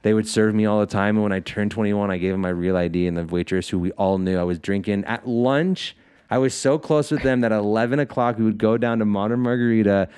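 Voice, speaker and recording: Low, smooth-voiced man telling stories. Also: darkish tone. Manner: loose storytelling, swears freely; frequent "like" fillers. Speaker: podcast guest. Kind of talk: casual podcast chat.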